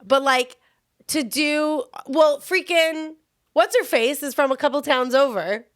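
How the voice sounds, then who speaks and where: A woman's voice: high voice, unhurried. A young woman from Long Island with a nasal voice, co-hosting a casual podcast with joking chat. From Long Island, New York. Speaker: podcast co-host.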